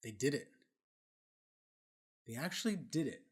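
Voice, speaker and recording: A man hosting a movie review show, talking in an animated, exaggerated way. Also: mid-range voice, unhurried, heavy background noise. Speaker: host.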